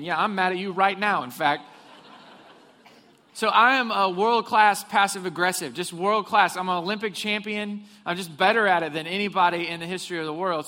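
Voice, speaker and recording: Pastor guy preaching, kinda high bright voice, big echoey church hall, jokes around w the crowd. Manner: humorous storytelling, asks the congregation questions. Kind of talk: sermon. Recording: long reverb of a hall.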